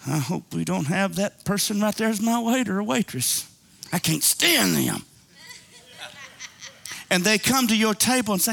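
A man with a fairly high, bright voice preaches a sermon to a church congregation. He talks in a folksy, plain-spoken way, calls on the room to answer him, and slips into playful asides. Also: expressive, normal speed, creaky, long pauses. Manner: preaching with call-and-response and playful asides, acting out prayers; folksy colloquial speech. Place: church sanctuary.

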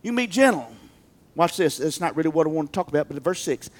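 High-voiced preacher, emphatic. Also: male voice, lively intonation, fast talker. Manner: emphatic, swings between shouting and quiet talk. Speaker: pastor. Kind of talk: sermon.

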